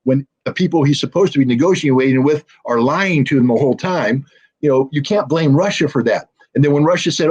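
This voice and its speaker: A man's voice: on the high side, fairly quick, darkish tone, husky, lo-fi sound. A man giving impassioned political commentary as an interview guest, emphatic and heated, with frequent ums and restarts.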